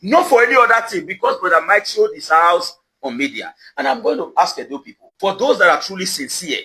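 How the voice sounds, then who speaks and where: A Nigerian social media commentator rants confrontationally straight to camera outside his house compound, emphatic and accusatory, repeating his questions for effect. His high, bright, sing-song voice is forceful and fairly quick, though the audio quality is poor.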